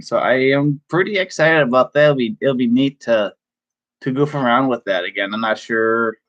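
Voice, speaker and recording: A man chatting casually on a live stream from his room, excitable and chatty, laughing often. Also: mid-range voice, lo-fi sound. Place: home room.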